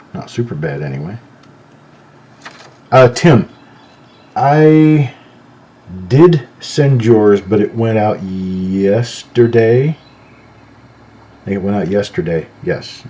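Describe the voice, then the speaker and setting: A middle-aged man talks casually as the host of a live show, easygoing and unhurried as he examines things and chats to his viewers. His voice sits low and sounds warm and relaxed. The recording is a little muffled, with a faint hiss underneath. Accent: no southern accent. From not from North Carolina. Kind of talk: casual live-stream chat.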